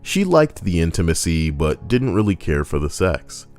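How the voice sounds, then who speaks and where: A man with a very low, deep voice reads out online posts and mocks them in loose, crude commentary. He is sarcastic and rambles off on tangents as he goes. Soft music plays quietly behind him. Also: very animated, normal speed. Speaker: YouTuber reading Reddit posts. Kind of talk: casual comedic commentary.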